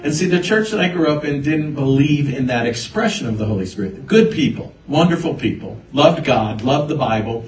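A man's voice: fairly high pitch, brisk, hardly any pauses, distant mic. Man preaching in an echoey church. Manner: storytelling, animated quoting of others. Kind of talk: sermon with personal testimony. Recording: roomy echo, voice from afar.

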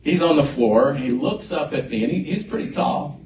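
A male pastor preaches to his congregation, animated in his storytelling. His voice comes from some distance off in a roomy, echoing hall with a faint hum of ambience behind. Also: a little high, moderate pace. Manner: animated storyteller, lively swings in loudness. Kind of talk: sermon storytelling. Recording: echoey hall mic from a distance.

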